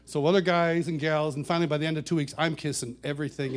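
A man with a somewhat high voice tells a personal story to an audience. He is animated and laughs often. He stumbles and repeats words as he goes. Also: fast, few pauses. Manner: animated, laughs often, gets louder and higher as the story builds; restarts and repeats words while telling. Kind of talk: storytelling talk.

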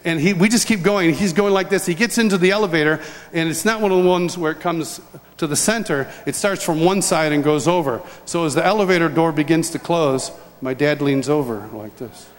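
A man's voice: fairly high pitch, fairly quick. A man telling a heartfelt story in a sermon and then leading a prayer, acting out the voices of the people in the story. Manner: animated storytelling, acting out dialogue. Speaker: preacher. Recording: reverberant hall, faint ambience.

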